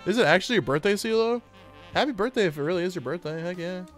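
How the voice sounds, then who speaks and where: A man's voice: high voice, fast talker, soft background music. A man streaming live and chatting casually with his viewers, joking and laughing as he plays. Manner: joking, talks to chat, lively bursts of laughter.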